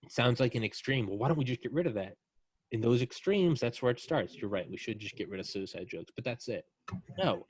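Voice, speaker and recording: A man hosting a podcast talks in a blunt, profane, animated way, pressing his argument hard. His voice sits at a middle pitch. The sound is dry and close, with no room around it. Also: a little fast, slightly rough, no room sound. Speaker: podcast host. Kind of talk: casual conversational podcast.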